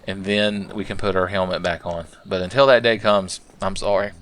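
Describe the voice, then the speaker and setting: A man's voice: low voice, steady tone, moderate pace, a bit bright. A man hosting a let's play, rambling through profane, sarcastic gaming commentary. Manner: rambling, sarcastic, swears a lot.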